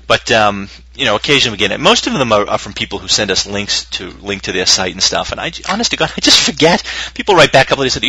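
A man's voice: fairly low pitch, big pitch swings, quick pace, few pauses, bright, forceful tone, husky, no echo, rough recording. A man co-hosting a podcast, rambling and swearing casually and laughing often. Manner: profane, rambling, laughs a lot. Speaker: podcast co-host.

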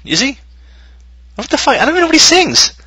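A man's voice: very high voice, very animated, quick pace, bright, forceful tone, dry recording, poor audio. A man co-hosting a podcast, rambling and swearing casually and laughing often. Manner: profane, rambling, laughs a lot. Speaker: podcast co-host.

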